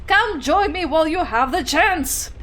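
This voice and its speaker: A woman's voice: extremely high pitch, expressive, unhurried, a bit bright, exaggerated voice. A woman voicing a doting older great-aunt who travels the world, reading her message in a gushing, sentimental way.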